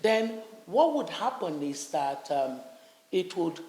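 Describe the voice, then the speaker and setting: A woman's voice: fairly low pitch, sing-song, slow pace, warm tone. A Nigerian woman speaking on stage at a conference, passionately, acting out the voices of different groups. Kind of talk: on-stage conversation. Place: conference hall. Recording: echoey conference hall.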